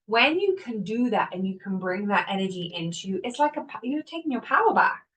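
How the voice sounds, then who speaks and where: A woman hosting a self-help podcast, talking in an animated way, laughing often and acting out her inner voices. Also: mid-range voice, fairly quick. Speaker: podcast host. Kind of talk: motivational self-help talk. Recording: voice a bit distant from the mic.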